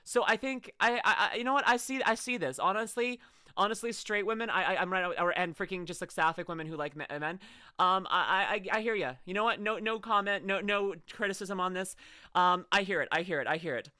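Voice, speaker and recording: Woman streamer, bright tone, dry sound, rambling and stammering as she reacts to clips. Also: mid-range voice, brisk, dry recording. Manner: rambling, stammering restarts and frequent laughs. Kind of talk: casual reaction chat.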